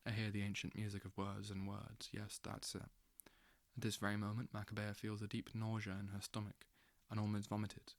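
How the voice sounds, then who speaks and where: A man reading a literary novel aloud as an audiobook, slow and intense, with dramatic swells. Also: on the low side, monotone, gravelly, no echo. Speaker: audiobook reader.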